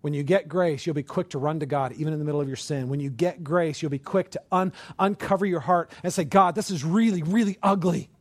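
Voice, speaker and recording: A man preaching a sermon in a conversational way, asking the listeners rhetorical questions and rising to loud, emphatic passages. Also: on the high side, quick pace, hardly any pauses, dry recording.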